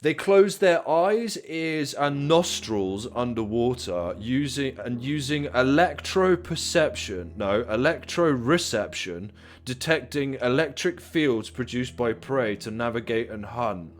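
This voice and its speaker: A man's voice: mid-range voice, expressive, slow. A young man co-hosting a casual comedy chat. He reads animal facts aloud, riffs on them and swears often. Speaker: podcast co-host.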